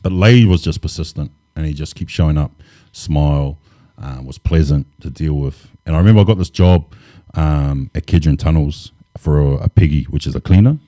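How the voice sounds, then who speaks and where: A man, relaxed and laid-back, telling stories as an interview guest with lots of casual fillers. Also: rumbling low, normal speed, no echo, clean studio sound. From New Zealand. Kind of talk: casual storytelling.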